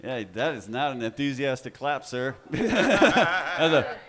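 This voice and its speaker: A man's voice: medium pitch, big pitch swings, takes it slowly, noisy background. A man in his forties from West Texas with a Texan accent, doing a loose, profane stand-up set on a club stage and laughing at his own jokes. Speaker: stand-up comedian.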